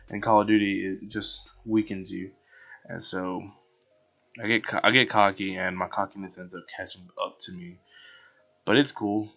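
A man casually commentating over his own gameplay footage, rambling, excitable and poking fun at himself. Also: low voice. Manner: rambling, excitable, self-mocking. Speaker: gaming channel host. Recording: dull lo-fi with background music.

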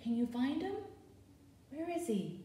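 A woman's voice: sits high, measured pace, slight background noise. A woman librarian leading a baby storytime, talking in a sing-song way and asking the little ones questions as she reads a picture book. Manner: animated, sing-song, asks babies questions. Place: library program room. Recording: roomy sound from a distance.

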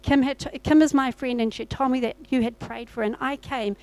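A woman's voice: high voice, fairly even intonation, fairly quick, darkish tone, low-quality recording. A woman pastor, preaching a sermon and telling a personal testimony with acted-out dialogue. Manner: storytelling, acts out her own past dialogue. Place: church.

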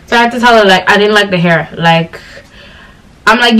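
A woman's voice: mid-range voice, a little fast. Chatty young woman vlogger, mic a bit distant. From Ghana. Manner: chatty, rambling storytelling with animated quoted voices. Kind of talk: casual chat to camera.

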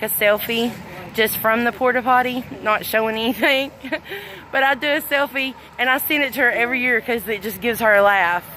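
A woman's voice: fairly high pitch, bright, forceful tone, slight background noise, rough recording. A middle-aged woman from Arkansas with a Southern accent, chatting casually on a livestream outdoors, a little out of breath and reading comments aloud. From Arkansas, USA. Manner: chatty, affectionate, reads comments aloud, frequent laughs. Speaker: livestream host. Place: outdoors at a fireworks tent after a storm. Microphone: phone held at arm's length.

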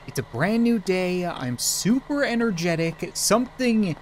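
Joking, slightly high-voiced male gamer. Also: very animated, unhurried, darkish tone, faint music behind. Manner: joking, crude, laughs often. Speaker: gaming video host. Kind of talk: casual gameplay commentary.

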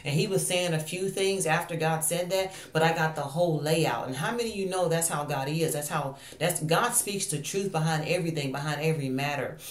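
A woman's voice: low voice, fairly quick, hardly any pauses, echoey room. A woman ministering online, telling a personal faith testimony in an earnest, confessional way, often repeating phrases.

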